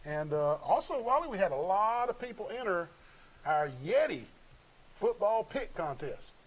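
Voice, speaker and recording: A man's voice: high-pitched, very animated, moderate pace, slightly rough, rough recording. A middle-aged man hosting a casual local sports talk show, chatty and folksy as he runs through sponsor plugs.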